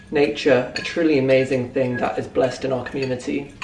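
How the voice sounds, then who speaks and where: A man's voice: medium pitch, level tone, fairly quick, vocal fry, darkish tone, slight background noise. Playful camp young British man. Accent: British English. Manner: playful, camp, sings silly snippets. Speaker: vlogger. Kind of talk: casual comedic vlog.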